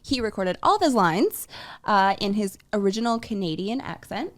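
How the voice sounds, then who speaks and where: A woman's voice: mid-range voice, very animated, normal speed. A woman co-hosting a podcast, sharing movie trivia in a chatty, storytelling way. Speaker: podcast co-host. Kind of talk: casual podcast chat.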